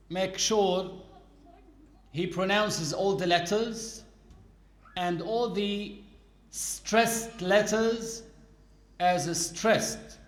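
A man's voice: sits high, echoey room. A man giving a religious lesson, explaining rules patiently and repeating key points. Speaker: Islamic teacher.

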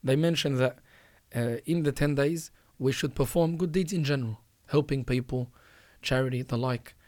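A man's voice: medium pitch, moderate pace, a little mellow, no echo. Earnest man urging listeners, dry sound. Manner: earnest, exhorting, repeats phrases for emphasis. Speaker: podcast host. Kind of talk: religious advice talk.

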